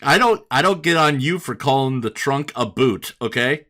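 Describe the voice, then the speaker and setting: A man's voice: medium pitch, animated, normal speed, pushed and bright. An American man with a northern accent hosting a podcast in easygoing casual chat. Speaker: podcast host.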